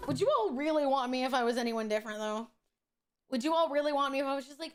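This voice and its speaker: A woman's voice: sits high, animated, fast talker. A woman streaming a video game, chatting casually with her viewers, playful and teasing, swearing often. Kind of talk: casual gameplay stream chat. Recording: game music behind.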